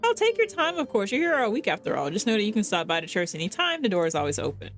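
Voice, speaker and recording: A woman's voice: mid-range voice, wildly swooping pitch, fast, soft background music. A woman voicing a chatty, kindly middle-aged pastor's wife with a put-on accent. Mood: gushing.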